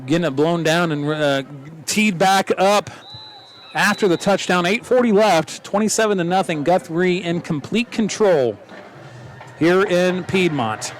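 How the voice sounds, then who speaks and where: A man calling a live high school football game play by play, quick and joking as he corrects himself. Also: slight background noise. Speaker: play-by-play announcer.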